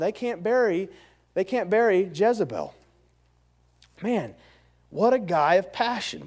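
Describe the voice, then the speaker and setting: A male pastor delivers a sermon, retelling scripture as lively, slang-filled storytelling full of stammered restarts. His voice sits high.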